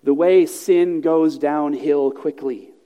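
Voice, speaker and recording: A pastor with a high, mellow voice preaches a sermon in a church sanctuary, measured and earnest, slowing to stress key phrases. His intonation is fairly even, the recording muffled, and a long reverb from the large hall carries through.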